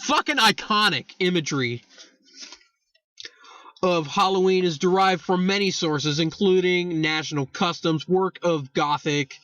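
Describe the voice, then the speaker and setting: Young man, high voice, slow delivery, rambling host, swears for emphasis, dry room. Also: fairly bright tone, no room sound, lo-fi sound. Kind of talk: casual history talk.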